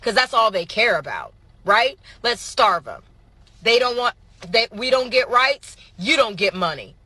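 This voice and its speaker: A woman's voice: on the high side, big pitch swings, unhurried, pushed and bright. A woman delivering an angry, profane social media rant straight to her followers. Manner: furious, profane, emphatic.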